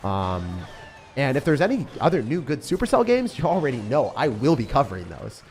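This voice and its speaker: A man's voice: medium pitch, wildly swooping pitch, brisk, a little mellow, faint music behind. A young man chatting casually on a livestream, commenting on his game and answering questions from chat in a self-deprecating way. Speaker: streamer.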